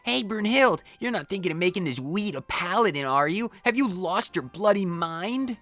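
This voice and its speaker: A man voicing a rude, sharp-tongued spirit servant in a video game. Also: high voice, lively intonation, normal speed, faint music behind, voice pushed up. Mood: mocking. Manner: scornful, rude.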